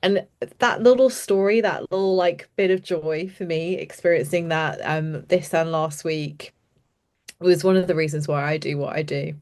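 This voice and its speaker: A woman's voice: low voice, moderate pace, a little mellow. Chatty woman on a video call. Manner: enthusiastic, chatty, trails off and restarts often. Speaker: youth participation practitioner, guest speaker. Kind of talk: animated storytelling in an online panel.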